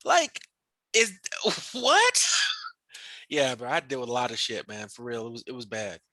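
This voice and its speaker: A man's voice: mid-range voice, steady tone, fast talker, fairly bright tone, no room sound. A man hosting a podcast, telling rambling, profane stories in casual chat, with frequent restarts and fillers. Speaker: podcast host interviewing a guest.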